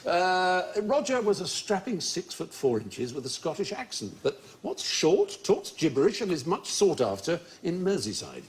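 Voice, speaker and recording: Wry, lively-voiced male quiz host. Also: high voice, moderate pace, few pauses, a little hiss or hum. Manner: wry, erudite storytelling with asides. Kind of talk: comic panel show banter.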